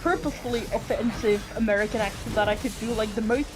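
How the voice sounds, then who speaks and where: A woman from Germany, chatting on a group stream, telling a story haltingly and making dry jabs. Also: on the high side, fairly even intonation, background noise. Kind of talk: casual group chat. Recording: music behind the voice.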